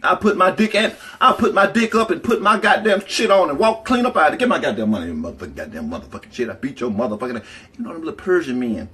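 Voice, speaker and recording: A man with a slightly raised pitch tells stories casually on a livestream. He talks in a profane, rambling way and stops now and then to greet the people in his chat. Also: animated, quick pace, sharp tone. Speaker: livestream storyteller.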